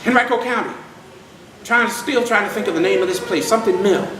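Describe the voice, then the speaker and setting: High-voiced folksy male storyteller, far off. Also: brisk, bright, forceful tone. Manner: folksy, addresses crowd as y'all. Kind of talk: live storytelling to an audience. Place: historic site event. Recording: echoey room from far off.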